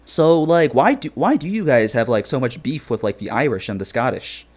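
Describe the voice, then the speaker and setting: A man's voice: mid-range voice, very animated, fairly quick. A young man streaming a game, chatting casually, joking and rambling as he reads chat messages aloud.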